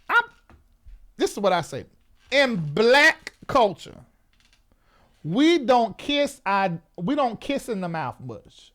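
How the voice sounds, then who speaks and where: A man of forty, hosting a live talk show in an animated, chatty way, often repeating himself. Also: very high voice, slow. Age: 40s.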